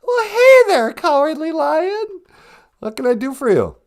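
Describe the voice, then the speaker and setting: A man voicing a squeaky, high-pitched sidekick who chirps short teasing questions. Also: very animated, measured pace, heavily acted. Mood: chirpy. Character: squeaky high-voiced sidekick called sweetie.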